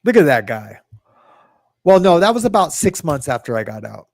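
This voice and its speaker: A middle-aged podcast host on a livestream chats casually, reading out chat comments and self-mockingly rambling. His gravelly voice sits a little high and swings widely in pitch, at a moderate pace. The recording is dry and studio quality.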